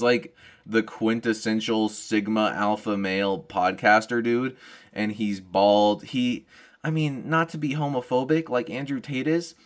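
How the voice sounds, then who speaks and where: Self-mocking young man rambling comic monologue. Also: on the low side. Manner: self-deprecating, laughs at own jokes, mocking put-on voices. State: hiccups. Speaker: comedian vlogger.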